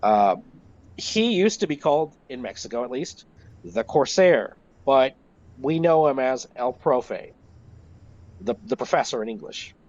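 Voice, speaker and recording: A man, a wrestling historian, tells stories in a casual, animated way, with plenty of swearing. His voice sits at a middle pitch for a man. It is heard through slightly muffled, lo-fi voice chat audio. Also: a little slow. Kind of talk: casual interview storytelling.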